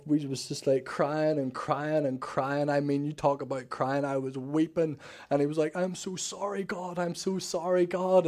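A man with a medium-pitched, slightly mellow voice tells a church congregation his faith testimony as a former prisoner. He rambles emotionally and keeps restarting as he tells his story.

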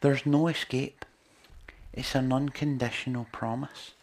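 A man's voice: mid-range voice, fairly even intonation, a little slow, gravelly. A man preaching a sermon in an earnest, conversational way, with lots of rhetorical questions to his listeners.

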